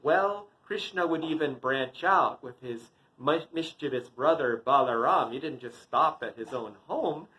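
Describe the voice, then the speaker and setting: Slow, playful male storyteller. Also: medium pitch, rough recording. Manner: animated, playful with sound effects. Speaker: yoga teacher.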